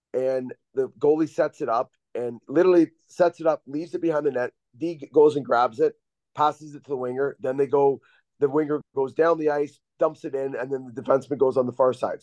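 A man who is a guest on a podcast, telling casual stories in a relaxed, rambling way with many fillers over a video call. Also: medium pitch, dry recording. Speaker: guest, former pro hockey defenseman. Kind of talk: casual storytelling. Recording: dull dry lo-fi recording.

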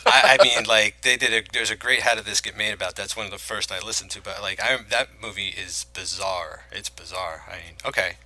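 A man's voice: on the low side, a little fast, hardly any pauses, pushed and bright, low-quality recording. A man co-hosting a podcast, chatting casually about films and his own memories, rambling with lots of fillers and restarts. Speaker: podcast co-host. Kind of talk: casual film chat.

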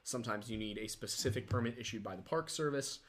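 A man's voice: medium pitch, fast talker, a bit bright. A young man co-hosting a livestream podcast, chatting casually and explaining things at length with many fillers. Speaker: podcast co-host.

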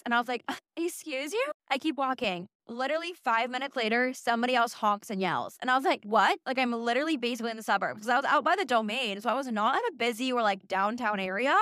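Young woman ranting casually, sarcastic, smooth higher voice, dry close sound. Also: fairly bright tone, no room sound. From Utah. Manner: chatty, sarcastic, heavy use of "like" and swearing. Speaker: vlogger. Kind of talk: casual chat.

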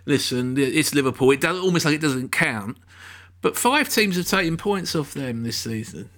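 A man's voice: fairly high pitch, animated, moderate pace, a bit bright. Middle-aged man talking football, rambling. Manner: rambling, full of fillers and restarts. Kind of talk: casual football chat.

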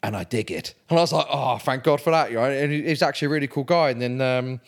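A man's voice: medium pitch, very fast, vocal fry. Chatty man telling rambling anecdotes. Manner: chatty, rambling anecdotes with playful accent impressions. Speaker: podcast co-host. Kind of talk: casual chat.

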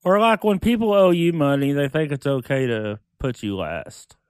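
A man's voice: fairly high pitch, animated, moderate pace, smooth, dry recording. A man guesting on a podcast, chatting casually in a blunt way with heavy cursing. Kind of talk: casual chat.

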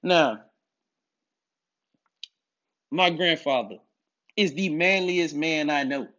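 A man's voice: fairly high pitch, slow, sharp tone. Emphatic man lecturing in a preachy tone. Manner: emphatic, preachy, repeats his points. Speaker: commentator on masculinity. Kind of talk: direct-to-camera monologue. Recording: dull lo-fi audio.

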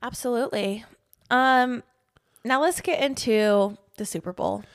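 A woman's voice: a little high, a little slow. A woman co-hosting a podcast in casual, chatty conversation, upbeat and full of "like". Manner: chatty, upbeat, says "like" often. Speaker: podcast co-host. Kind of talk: casual chat.

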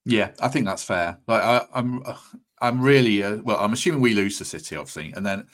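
Deep-voiced podcast host. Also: male voice, animated, brisk, a bit bright. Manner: chatty, laughs easily. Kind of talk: casual podcast chat.

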